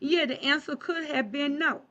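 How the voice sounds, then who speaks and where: Woman preacher, conversational sermon, bright tone, muffled streamed sound. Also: high-pitched, moderate pace. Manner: conversational, plain-spoken preaching with rhetorical questions. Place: church.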